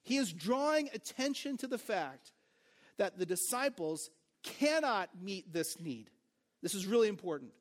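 A man's voice: high-pitched, big pitch swings, unhurried. A man preaching a sermon as pastor, in a casual, conversational way with joking asides, "like" and "right?".

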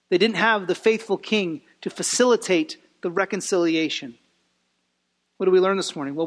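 A man's voice: extremely high pitch, fairly bright tone. A man preaching a sermon in a church, earnest and building emphasis with rhetorical questions. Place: church sanctuary. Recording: long reverb of a hall.

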